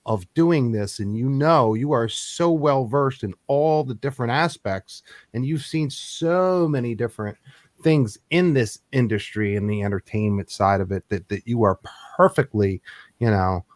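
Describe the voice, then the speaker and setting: A podcast host from Philadelphia with a Philly accent, chatting excitably with a guest, often repeating words and laughing. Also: male voice, medium pitch, normal speed, no room sound. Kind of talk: casual interview chat.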